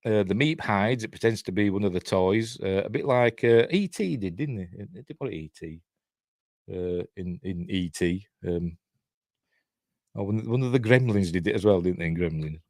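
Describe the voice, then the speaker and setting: Chuckling frequently, an older reviewer from Yorkshire, England, rambles casually through a watch-along for his channel. He speaks at a normal speed with a fairly low, slightly mellow voice and lively intonation, and the studio sound is clean with no room echo.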